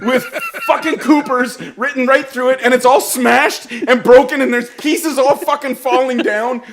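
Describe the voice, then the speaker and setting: A man telling a comedic story, animated and profane, laughing as he goes. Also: very high-pitched, moderate pace, slight background noise. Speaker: storyteller guest.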